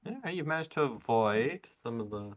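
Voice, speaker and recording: A man's voice: medium pitch, expressive, normal speed. A man acting as game master, narrating a tabletop role-playing game and patiently explaining the rules.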